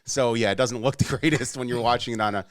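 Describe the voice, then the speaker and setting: A podcast co-host in casual chat animatedly retells a bar prank, acting out the quotes. His mid-range voice moves fast, and the recording is dry and studio quality.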